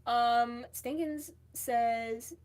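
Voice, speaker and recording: A woman's voice: a little high, fairly even intonation, extremely slow, a little mellow. A young woman from the United States hosting a casual livestream, reading viewer comments aloud and answering them chattily. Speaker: livestream host.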